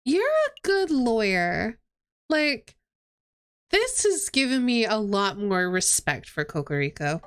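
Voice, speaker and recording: A woman's voice: fairly high pitch, very animated, slow, smooth. Streamer woman with amused asides. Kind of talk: let's play commentary.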